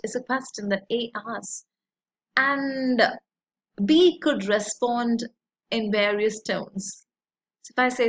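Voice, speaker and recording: Woman, teacher, slow deliberate lecture, fairly high voice. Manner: slow, deliberate, with many fillers and examples spoken aloud. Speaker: English teacher. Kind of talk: recorded lecture.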